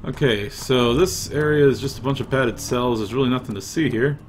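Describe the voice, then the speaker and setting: A man's voice: medium pitch, moderate pace, slight background noise. A man giving profane, irritable gameplay commentary, mumbling to himself as he plays, into a desk mic. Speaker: let's play gamer.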